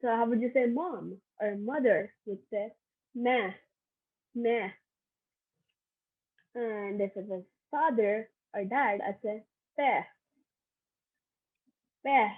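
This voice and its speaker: A young woman giving a recorded online lesson, slow and patient, repeating each example aloud. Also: medium pitch, breathy edge. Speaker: workshop teacher. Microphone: online video lesson. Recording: tinny phone-like audio.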